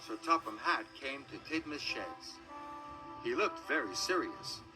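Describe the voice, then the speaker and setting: A man reading a children's train story aloud in a gentle, expressive storytelling manner. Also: medium pitch, a little slow. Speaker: narrator. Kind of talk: storybook narration. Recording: music playing underneath.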